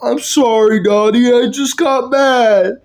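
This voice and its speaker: A woman doing improvised toy role-play, speaking with slow, deliberate delivery. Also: fairly high pitch, steady tone, a little mellow.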